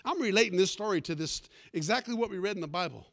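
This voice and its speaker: A man preaching a fervent sermon, calling out for amens and swinging between loud and hushed delivery. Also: high-pitched, lively intonation, fast. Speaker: pastor.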